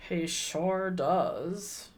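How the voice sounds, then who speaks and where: A woman's voice: on the low side, drawn-out words. A woman streamer chatting casually as she plays a horror visual novel, reacting aloud and musing on the story. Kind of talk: casual let's-play chat.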